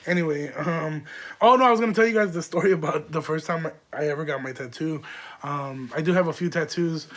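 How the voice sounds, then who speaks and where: A young man with a notably high voice for a man tells loose, rambling stories on his podcast. He talks in slang, swears freely and fills his sentences with "like" and "um." It is an easygoing, solo monologue. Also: fairly quick, fairly bright tone. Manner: rambling, profane, slangy, lots of fillers. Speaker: podcast host. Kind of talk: casual storytelling monologue.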